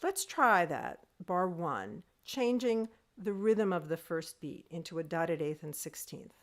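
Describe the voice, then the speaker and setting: A woman teaching an online music lesson, talking thoughtfully with pauses and singing rhythms aloud to demonstrate. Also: on the low side, expressive.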